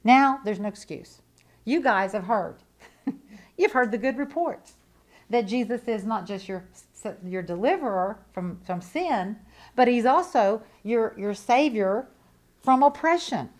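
Emphatic, fairly high-voiced woman preaching a sermon. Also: lively intonation, unhurried. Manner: emphatic, repetitive, swinging between loud declarations and quiet asides; conversational and folksy, with restarts and rhetorical questions.

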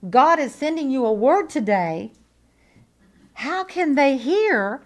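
A woman preaching a sermon in an emphatic, repetitive way. She moves between loud declarations and quiet asides, with folksy rhetorical questions. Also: sits high, sing-song, slow pace.

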